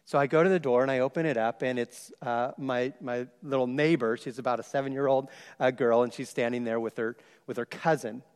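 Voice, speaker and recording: A man preaching a sermon, telling a story with lively shifts and loud exclaimed quotes. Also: medium pitch, a little fast, clean tone. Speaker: pastor. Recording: long hall reverb.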